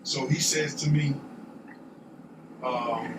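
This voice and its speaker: A man's voice: a little high, a little slow. Man telling a story from far off. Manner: profane, repeats "you know what I'm saying". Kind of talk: casual storytelling. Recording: echoey, distant, noisy.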